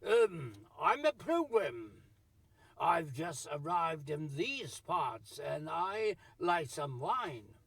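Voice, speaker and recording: Man doing a burly wine-hungry monk, loud and blunt, high and bouncy, gravelly, very slow. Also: big pitch swings, dry recording, distant mic, heavily acted. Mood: demanding. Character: rowdy burly male monk craving wine.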